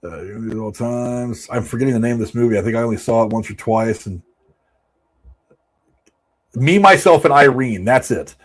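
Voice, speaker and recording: A man's voice: mid-range voice, normal speed, long pauses. A man in his forties hosting a casual movie commentary show, rambling offhand and reacting to quotes he reads aloud. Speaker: show host.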